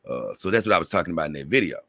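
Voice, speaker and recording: A man's voice: deep voice, big pitch swings, rapid-fire, a bit bright, dry recording, studio quality. A man with a Southern US accent hosting a casual livestream, reading viewer comments in a rambling way, repeating words and laughing often. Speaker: livestream host.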